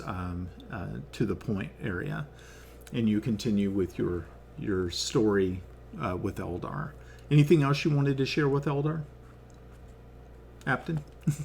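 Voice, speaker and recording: A man narrating as game master over an online call, halting with many fillers. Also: fairly low pitch, vocal fry, a little mellow, a little hiss or hum.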